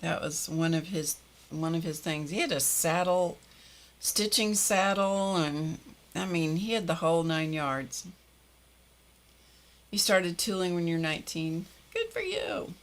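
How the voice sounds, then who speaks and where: An older woman hosts a live stream and talks with her viewers in a relaxed, slow way. Her voice sits a little low and she laughs easily as she greets people by name. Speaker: livestream host greeting viewers. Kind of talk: casual chat reading viewer comments.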